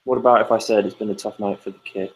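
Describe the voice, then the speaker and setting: A man's voice: on the low side, fast talker, dull audio, a little hiss or hum. A man in his thirties, a podcast co-host, telling stories in casual chat and acting out quoted lines. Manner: animated storyteller, acts out quoted lines loudly.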